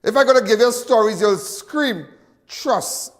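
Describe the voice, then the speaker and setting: A Trinidadian man hosting a live crime call-in show, animated and repetitive. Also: very high voice, normal speed, in a large hall. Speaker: talk show host.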